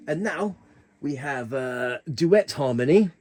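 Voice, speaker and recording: A man's voice: mid-range voice, expressive, slow pace, a little mellow, faint music behind. A man hosting a keyboard tutorial, talking casually through the settings with plenty of fillers and restarts. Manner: chatty, hesitant with fillers and restarts.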